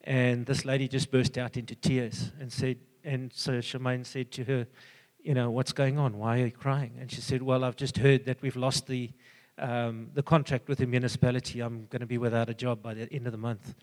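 An older man giving an earnest, halting personal testimony full of fillers and restarts. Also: medium pitch, level tone, a little mellow, long reverb tail. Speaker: church member giving a testimony.

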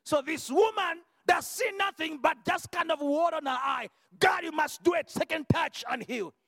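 A male preacher with a strikingly high, bright voice, recorded close and dry with no room around it. He moves fervently from quiet asides to shouted declarations, often repeating a word as he restarts a phrase. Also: normal speed, vocal fry, no echo, big-room sound. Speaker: visiting preacher. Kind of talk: sermon with healing testimony.

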